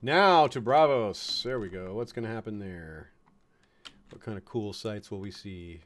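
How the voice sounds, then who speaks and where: A man's voice: fairly low pitch, animated, unhurried. A man from the United States giving chatty, chuckling commentary on a strategy game, fond of puns. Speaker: game streamer.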